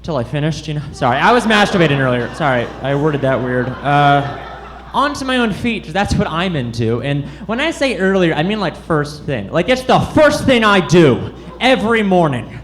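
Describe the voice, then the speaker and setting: A man's voice: a little high, very animated, moderate pace, hardly any pauses. A man doing a stand-up set on a comedy club stage, awkward and self-deprecating, stumbling over his lines on purpose. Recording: live club with loud audience noise.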